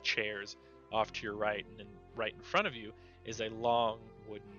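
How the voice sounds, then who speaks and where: A man narrating as game master in a relaxed, chatty way. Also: fairly low pitch, normal speed, highs cut off, faint music behind.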